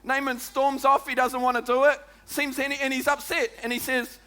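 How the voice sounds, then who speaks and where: At normal speed, a New Zealand man preaches as pastor, his very high voice ringing out bright and forceful. He keeps the sermon lively and chatty for his congregation, tossing in "come on" and "eh?"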